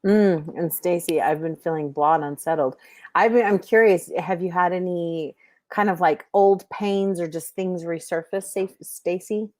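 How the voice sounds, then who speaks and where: A woman's voice: fairly low pitch, steady tone, measured pace, darkish tone, no room sound, studio quality. A middle-aged woman hosting a livestream, chatting casually with viewers and giving intuitive readings, rambling with many fillers and restarts.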